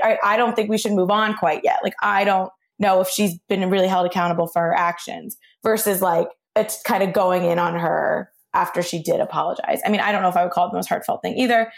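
Woman, podcast host, casual chat, rambling, hedging, filler-heavy, mid-pitched voice.

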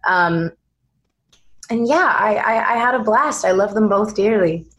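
A young woman, an actress being interviewed, telling dramatic anecdotes in a lively, animated way. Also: medium pitch, unhurried. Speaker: actress guest.

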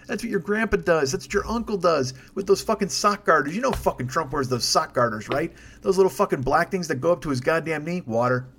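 A man's voice: fairly high pitch, a bit bright, slightly rough. A man hosting his own podcast, ranting in a sarcastic, profane and rambling way into a desk microphone. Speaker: podcast host. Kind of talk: solo comedic rant.

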